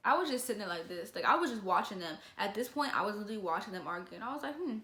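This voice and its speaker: A young woman telling a story to camera in a casual, slangy, animated way. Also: mid-range voice, very fast, echoey room. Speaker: vlogger.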